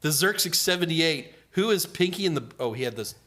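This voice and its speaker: A man's voice: fairly high pitch, animated, brisk, sharp tone. A man in his sixties hosting a casual live Q&A about IT certifications, joking and trailing off mid-sentence. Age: 60s. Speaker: host, IT certification trainer.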